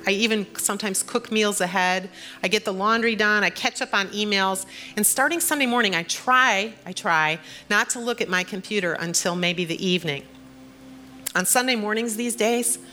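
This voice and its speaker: A middle-aged woman pastor delivers a sermon and prayer in a bright, ringing voice. She speaks in a personal, gently encouraging way. Faint music plays beneath her. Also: mid-range voice.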